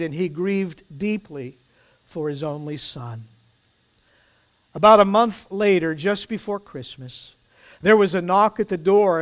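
High-voiced preacher telling a story. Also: male voice. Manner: dramatic, dropping to soft emphasis. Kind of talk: sermon storytelling.

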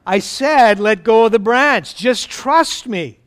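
A preacher voicing a calm, patient God. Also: male voice, high voice, slow, exaggerated voice. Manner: calm, reassuring.

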